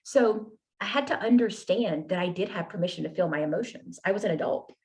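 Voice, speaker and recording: A woman's voice: medium pitch, brisk, a little mellow. A woman guest telling her personal story in an earnest, candid way, often checking in with "right?" and "you know?". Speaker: podcast guest.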